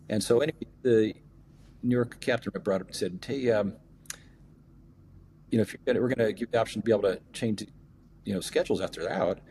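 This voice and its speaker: A middle-aged man, an airline captain and union rep, telling a long story as a podcast guest and pausing often on fillers and restarts. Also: low voice, a little mellow, a little hiss or hum. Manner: rambling, many fillers and restarts. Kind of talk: storytelling in an interview.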